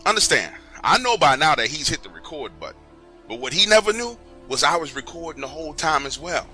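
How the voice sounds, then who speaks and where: Animated, bright-voiced male storyteller. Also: a little high, brisk, faint music behind. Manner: casual, slangy, animated telling. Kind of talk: first-person story narration.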